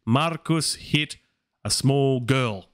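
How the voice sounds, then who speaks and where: Speaking extremely slowly in a smooth, mid-range voice, a man hosts a live study stream for learning Latin. He puzzles through translations out loud, questioning himself at each step.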